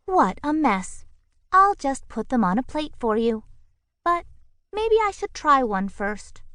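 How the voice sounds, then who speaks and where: A woman's voice: high voice, sing-song, takes it slowly, pushed and bright, dry recording, clean studio sound, pitched above the performer's own voice, full character voice. Woman putting on a chirpy prim little bird. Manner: chirpy, self-satisfied, bossy politeness. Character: prim, fussy, cheerful little female bird. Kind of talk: children's audiobook character voice.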